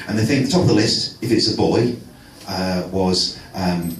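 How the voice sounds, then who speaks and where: A male stand-up comedian performing on a club stage, self-mocking and halting, with lots of fillers. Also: on the low side, a little hiss or hum. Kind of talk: stand-up set. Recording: echoey club from far off.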